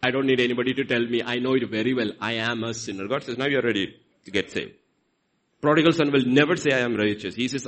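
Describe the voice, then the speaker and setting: A middle-aged man with an Indian accent preaching a sermon, swinging between loud emphasis and soft asides. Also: medium pitch, fast, rough recording. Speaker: pastor.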